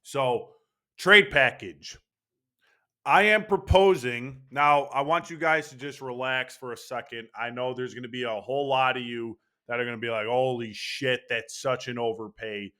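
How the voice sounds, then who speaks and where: A man's voice: mid-range voice, moderate pace, bright, forceful tone, clear, resonant tone. A young man hosting a casual sports opinion monologue, brash and profane, talking with hyped energy. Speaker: baseball channel host.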